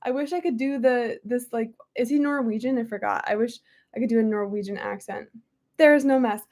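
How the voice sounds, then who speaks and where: A woman's voice: a little high, steady tone, brisk, vocal fry, mellow. A woman reading a history book aloud in a casual way and breaking off often for chatty, apologetic asides.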